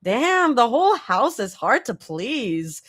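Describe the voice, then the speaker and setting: Brief: high, playful teasing young woman, as a woman reader puts her on. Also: very animated, slow, fairly bright tone, breathy edge, no echo, clean studio sound, heavily acted.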